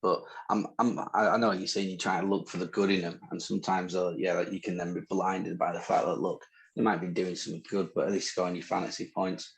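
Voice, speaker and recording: Gravelly low-voiced man with northern English accent. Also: little pitch movement, fast, a little hiss or hum, low-quality recording. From northern England. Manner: bantering, chatty, teasing. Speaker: podcast co-host. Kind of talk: casual chat.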